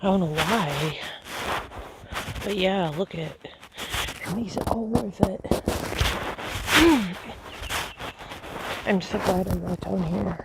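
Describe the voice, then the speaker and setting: Breathless woman with a gravelly voice, trail vlog. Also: medium pitch, slow, long pauses. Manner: chatty, amazed, many fillers. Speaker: vlogger. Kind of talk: casual walking vlog. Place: outdoor nature trail by a swamp. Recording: noisy outdoor handheld recording.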